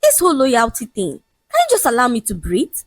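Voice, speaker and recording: A woman's voice: fairly high pitch, wildly swooping pitch, no echo, voice pushed up. A woman playing a shameless cheating man. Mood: mocking. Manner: mocking, lecturing, raised and quick. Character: arrogant cheating young man, dismissive and shameless.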